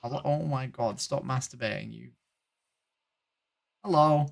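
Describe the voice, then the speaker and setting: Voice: mid-range voice, measured pace, gravelly, noisy background. Blunt, wry livestreamer chatting with strangers. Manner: blunt, swears freely, wry running commentary. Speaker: livestreamer on a random video chat site. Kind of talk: casual livestream chat with strangers.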